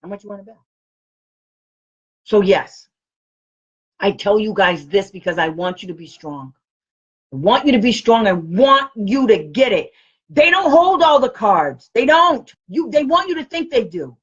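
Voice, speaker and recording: A woman giving a blunt, animated training talk to parents as a special education advocate. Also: mid-range voice, a little slow, husky. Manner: animated, blunt and combative, with quoted comebacks. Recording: dull lo-fi recording.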